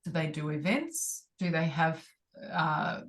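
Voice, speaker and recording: A woman with a slightly low voice co-hosts a podcast. She speaks in a thoughtful, encouraging, steady manner, in easy conversational chat. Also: slow. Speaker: podcast co-host.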